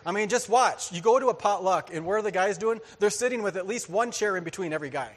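A man preaching a sermon, telling a story with lively energy, acting out voices and laughing often. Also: high voice, fast. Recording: hall reverb.

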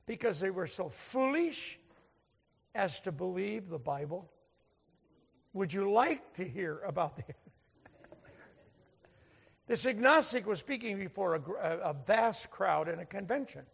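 A man's voice: sits high, creaky, slightly rough. A man preaching a sermon to a church congregation in a folksy, humorous storytelling way. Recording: echoey hall reverb.

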